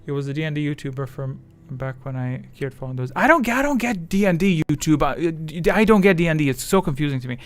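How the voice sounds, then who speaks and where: A man's voice: a little high, lively intonation, fairly quick, few pauses. A man chatting casually on his livestream, rambling and self-deprecating as his thoughts wander. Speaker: streamer.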